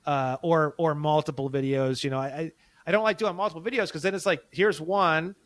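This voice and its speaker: A man's voice: a little high, steady tone, a little fast, no room sound. Profane, heated man telling a story. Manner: heated, indignant. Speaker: podcast guest. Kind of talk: casual podcast conversation.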